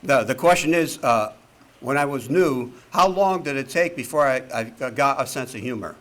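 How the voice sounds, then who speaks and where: This man's medium-pitched voice is expressive and fairly bright, delivered at normal speed. In his seventies and from Connecticut, he gives a talk to a recovery meeting full of jokes, stories, wisecracks and lots of cursing, captured in an archive recording with faint background noise.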